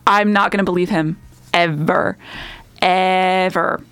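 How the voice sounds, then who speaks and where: A young woman with a somewhat low voice hosts her radio show in a casual, emphatic rant. She talks sarcastically and repeats lines for effect, laughing now and then. The sound is dry and close, recorded on a studio microphone. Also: unhurried, no room sound.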